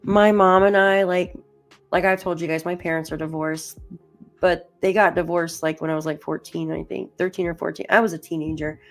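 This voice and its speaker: A woman with a somewhat low-pitched voice hosts a casual true crime livestream. She rambles in a chatty way, filling her sentences with "like" and greeting viewers by name as she goes through case documents. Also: steady tone, moderate pace, faint music behind. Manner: chatty and rambling, heavy use of "like"; addresses chat viewers by name.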